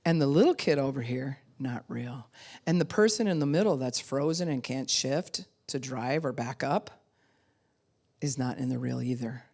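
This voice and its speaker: Low-voiced woman pastor preaching animatedly. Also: normal speed. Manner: animated, conversational preaching with acted-out quotes and laughter. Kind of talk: sermon.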